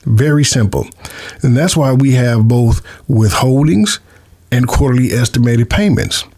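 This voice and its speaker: A certified tax preparer, a man, teaching taxes in a relaxed explainer style, repeating words now and then. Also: mid-range voice, a little slow. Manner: friendly, repeats words, chuckles at his own jokes. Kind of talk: casual explainer lesson.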